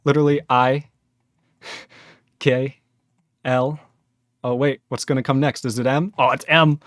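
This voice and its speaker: A man hosting a programming livestream, chatting casually and excitably, rambling with quick laughs. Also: mid-range voice, no echo, studio quality. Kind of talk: casual livestream chat while coding.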